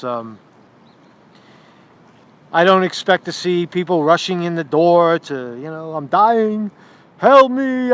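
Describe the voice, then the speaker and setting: A man's voice: a little high, a bit bright, smooth. Profane, rambling man on a street livestream. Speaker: street reporter and livestream host. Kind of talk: casual livestream vlog. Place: outdoors in a city park.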